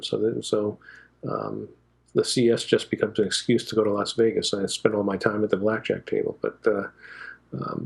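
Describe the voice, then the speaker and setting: A man's voice: lowish voice, gravelly, breathy edge, rough recording. A man talking as a guest in a casual interview on a video call, joking in a dry way. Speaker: guest commentator.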